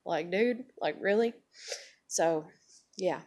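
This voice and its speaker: A vlogger in her thirties delivers an angry opinion rant to the camera, swearing heavily and peppering her speech with "like." Her voice sits fairly low, with a darkish tone and a slow pace.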